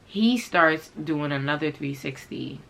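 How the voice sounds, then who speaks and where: A young woman telling a story to her viewers in a casual, animated and profane way, full of slang. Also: low-pitched, a little slow, gravelly. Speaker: vlogger.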